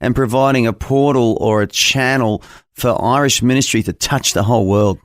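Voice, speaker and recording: A man's voice: mid-range voice, normal speed, no echo, studio quality. A man with an Australian accent co-hosting a breakfast radio show, playful and asking leading questions. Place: radio studio.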